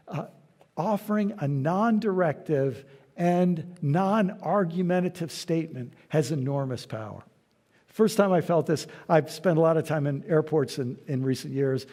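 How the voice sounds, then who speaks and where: A man's voice: a little high, darkish tone. Guy giving a chatty church lecture, acts out little exchanges, big hall with long echo. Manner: storytelling, acting out little dialogues. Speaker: guest lecturer.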